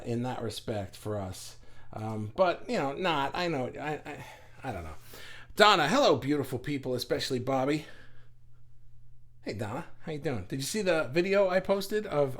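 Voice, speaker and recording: A middle-aged man from New York hosting a livestream in a fast, rambling and animated way, reading viewer comments aloud. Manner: fast, animated and rambling, with big pitch jumps. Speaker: group host reading comments. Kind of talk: casual livestream chat.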